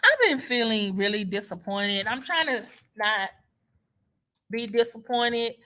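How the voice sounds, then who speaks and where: A woman's voice: fairly high pitch, a little slow. A woman from Houston with a Texas Southern accent, a teacher talking casually and sarcastically on a livestream, wandering off on tangents. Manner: animated, sarcastic, digressive.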